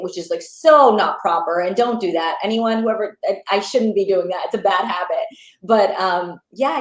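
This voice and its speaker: A young adult woman, an actor, chatting as a guest in an interview, enthusiastic and animated with many fillers. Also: lowish voice, echoey room. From Pakistani and Bangladeshi heritage. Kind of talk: casual interview chat.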